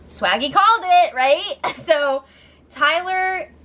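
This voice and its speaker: A young woman giving a casual, excitable recap of a reality show, laughing often as she talks. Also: very high voice, slow pace.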